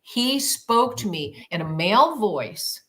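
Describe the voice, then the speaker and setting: A woman recounts a personal experience in an interview, taking her time with each phrase. She tells it vividly and emphatically, repeating words for effect and acting out her own past exclamations. Her voice sits at a middle pitch. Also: very animated, takes it slowly, fairly bright tone. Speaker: podcast guest.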